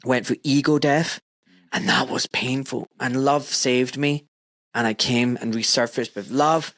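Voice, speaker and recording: A man's voice: mid-range voice, steady tone, measured pace, a bit bright, no room sound, studio quality. Man in his forties telling an emotional story. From United Kingdom. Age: 40s. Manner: emotional storytelling, acts out his own quotes. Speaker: podcast host. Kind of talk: casual chat.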